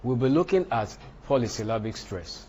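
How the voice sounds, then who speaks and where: A man teaching a lesson on English word stress, speaking deliberately and punching out example words. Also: mid-range voice, lively intonation, mellow, muffled recording, slight background noise. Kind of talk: lecture on English pronunciation.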